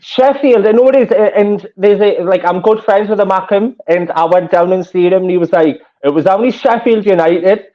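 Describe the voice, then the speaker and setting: A man with a Geordie accent, a football fan gushing excitedly in a casual chat, laughing often. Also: sits high, moderate pace, few pauses. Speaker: fan panelist. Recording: muffled lo-fi audio.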